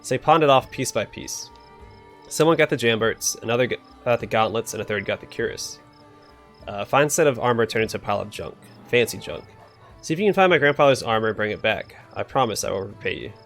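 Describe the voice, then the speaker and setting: A man's voice: on the low side, expressive, fast talker, fairly bright tone, faint music behind. A man reading out the lines of an earnest, proud male dwarf smith in a video game, in a plain read-aloud way. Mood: grave.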